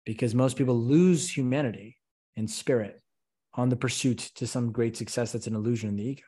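A man's voice: mid-range voice, brisk, slightly rough. Passionate man talking about leadership. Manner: passionate, animated, rhetorical questions. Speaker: podcast guest, company CEO. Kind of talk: conversational interview.

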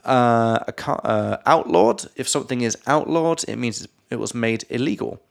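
Young english guy on a podcast, loose and jokey, going through vocab words, ordinary middle pitch. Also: moderate pace, gravelly. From England. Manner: laughing, loose and playful, drops into silly voices. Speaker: podcast co-host, English teacher. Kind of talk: casual chat, explaining vocabulary.

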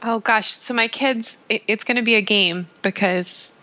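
A woman's voice: medium pitch, moderate pace, sharp tone, rough recording. A woman co-hosting a podcast in casual chat, teasing and giggly. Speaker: podcast co-host.

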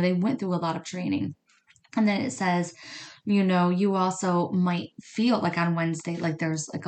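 Chatty woman medium, lowish voice. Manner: chatty, conversational, frequent "you know what I mean" and "right?". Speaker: medium and card reader. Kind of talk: casual podcast monologue.

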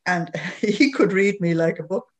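A woman's voice: on the low side, lively intonation, a little slow. An older woman with an Irish accent telling a personal story as an interview guest, anecdotal, with frequent chuckles. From Ireland.

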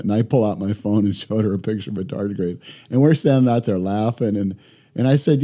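A middle-aged man, a guest in a remote interview, telling stories in a lively conversational way and acting out both sides of his conversations. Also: on the low side, brisk. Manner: animated storyteller who acts out both sides of conversations. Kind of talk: reflective conversational storytelling.

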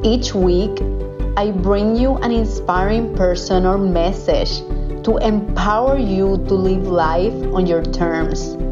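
Woman reading the show intro real slow, muffled lo-fi sound, music blasting under her. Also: medium pitch. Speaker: podcast intro announcer. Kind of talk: scripted intro read. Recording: dull lo-fi voice under loud music.

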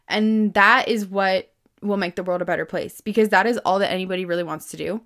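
A woman around thirty hosting a podcast, talking casually in a self-help monologue, full of "like" and free swearing, with emphatic jumps in pitch and loudness. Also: fairly even intonation, brisk. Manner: chatty, lots of "like", swears freely, emphatic swings in pitch and loudness. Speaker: podcast host.

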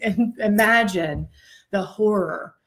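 A woman co-hosting a podcast, telling a story in a chatty, animated way and addressing listeners directly, a little out of breath. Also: medium pitch, slow. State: slightly out of breath. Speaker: podcast co-host. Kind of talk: casual storytelling chat.

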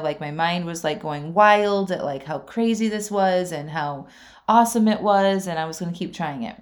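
A woman in her forties with a somewhat low voice tells a personal story the way she would to a friend. Her talk is loose and full of asides to listeners. She breaks into laughter now and then. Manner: chatty, lots of fillers and asides to listeners; laughs often mid-sentence.

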